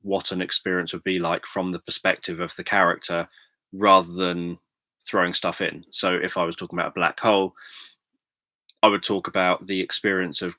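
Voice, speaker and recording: A British man speaks in a very deep, bright voice. He explains things calmly to his livestream viewers with little rise and fall, pausing often with ums. The sound is close and dry. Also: no echo. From Britain. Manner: calm, measured, thoughtful explaining with frequent ums. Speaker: livestream host, sleep story narrator. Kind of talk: casual livestream chat.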